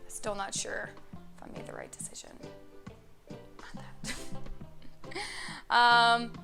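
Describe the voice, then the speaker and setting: A woman's voice: on the high side, huge pitch swings, slow pace, creaky, sharp tone, soft background music. A young woman chatting casually to camera as a vlogger, swearing freely and laughing as she tells stories. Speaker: YouTube vlogger.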